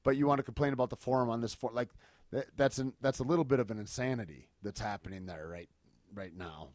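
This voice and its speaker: A man hosting a casual podcast, talking in loose, profane, rambling rants full of jokes. His voice sits at an ordinary pitch and sounds close and dry, with no room around it. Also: fast talker, darkish tone, dry recording. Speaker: podcast host. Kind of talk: casual chat.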